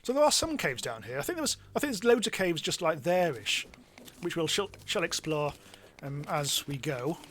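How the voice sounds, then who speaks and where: A man giving chatty, self-mocking live commentary as he streams a game, now and then bursting into excited yelps. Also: fairly high pitch, moderate pace, slight background noise. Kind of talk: live let's-play commentary.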